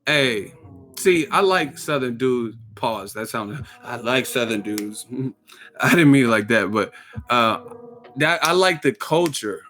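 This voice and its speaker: A man's voice: mid-range voice, animated, slow, a bit bright. A man from the Bay Area hosting his own channel, giving a casual, joking, profane rant that is full of acted-out quotes. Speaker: boxing commentary channel host.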